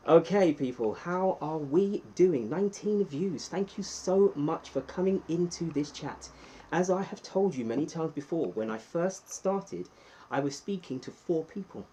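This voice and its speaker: A man's voice: a little high, lively intonation, a little slow, slight background noise. Playful English man hosting a live stream. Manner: playful, gives chatty shout-outs to viewers. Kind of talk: casual live-stream chat.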